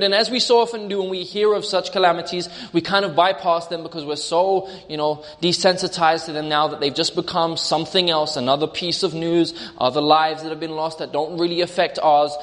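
A man's voice: on the high side, fairly bright tone. Man preaching in an echoing hall. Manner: storytelling, vivid hypothetical scenes. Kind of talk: sermon.

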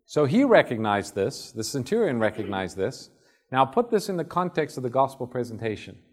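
Male preacher, relaxed storytelling sermon delivery, acts out scenes. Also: medium pitch, moderate pace. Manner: conversational, acts out Bible scenes.

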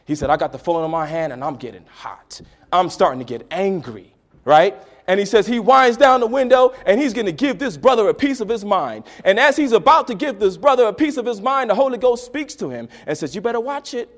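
Male preacher, high voice, dramatic swings from soft to loud, acts out voices, sermon. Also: expressive, brisk.

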